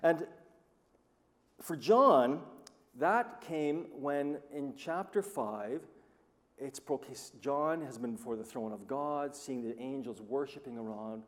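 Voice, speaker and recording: Male pastor, animated storytelling sermon, long hall reverb. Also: mid-range voice, takes it slowly. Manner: animated storytelling, acts out quoted voices.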